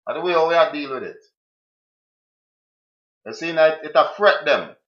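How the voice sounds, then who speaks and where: A man breaks down a clip he is playing. His tone is bright and forward. He hammers his questions again and again. The room sounds roomy and the recording is dull and lo-fi. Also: a little high, lively intonation, moderate pace. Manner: emphatic, repeats questions to drive a point. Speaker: streamer reacting to a clip. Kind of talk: commentary on a played clip.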